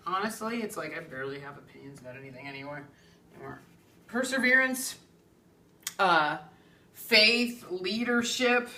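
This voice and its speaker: A woman, a psychic medium, teaching in a chatty, animated way, laughing and often checking in with "okay?". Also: on the low side, normal speed, pauses often, reverberant, recorded from a distance. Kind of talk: spiritual teaching talk.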